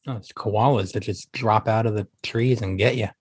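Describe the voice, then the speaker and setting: A man's voice: on the low side, fairly even intonation, normal speed, slightly rough. A man in a casual podcast chat, rambling and hesitant with many fillers.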